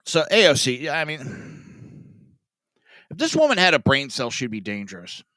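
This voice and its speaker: A man hosting a political commentary podcast, sarcastic and profane, sighing and swinging between loud outbursts and mutters. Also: medium pitch, wildly swooping pitch, moderate pace, dry recording. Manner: sarcastic, profane, self-mocking. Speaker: podcast host.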